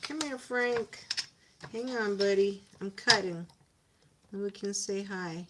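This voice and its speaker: Chatty woman streamer, unhurried delivery, talks viewers through her papercraft at home. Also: medium pitch, very noisy. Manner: chatty, narrates her crafting and greets viewers. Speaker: livestream host. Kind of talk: casual livestream chat while crafting.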